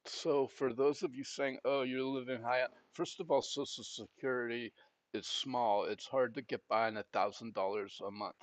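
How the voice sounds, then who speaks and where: A man's voice: mid-range voice, normal speed, no room sound. Man, out of breath, rambling casual gaming chat, frank, dry close sound. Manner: rambling and frank, with frequent fillers and restarts. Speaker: gaming channel host. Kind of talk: casual chat while playing a video game.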